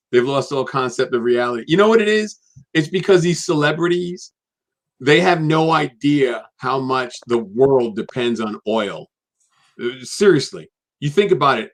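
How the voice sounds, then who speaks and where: A man hosting a live talk show who is easygoing and chatty and laughs often. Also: medium pitch. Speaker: host. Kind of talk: casual chat.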